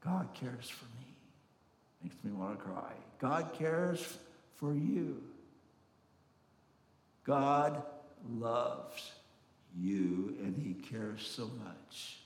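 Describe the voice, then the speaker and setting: A man preaching a sermon in a slow, earnest, emphatic way, recorded in a church sanctuary. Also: on the low side. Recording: echoey hall, roomy reverb.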